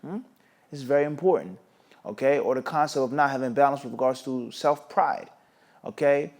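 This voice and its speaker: Man giving an animated Islamic lesson. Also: mid-range voice, moderate pace. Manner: animated storytelling, acts out quoted dialogue with raised voice; quotes Arabic then translates. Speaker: Islamic scholar teaching. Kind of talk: Q&A sermon lecture. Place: recorded for an online Q&A stream.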